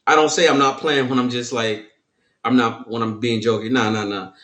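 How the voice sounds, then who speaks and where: A man in casual podcast chat, playful and animated, acting out quoted lines as he tells stories. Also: mid-range voice, normal speed, roomy sound.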